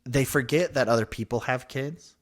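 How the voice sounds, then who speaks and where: On a podcast he co-hosts, a man in his thirties with a medium-pitched voice at a moderate pace tells a story in casual conversation. He is a lively storyteller, doing voices as he quotes people.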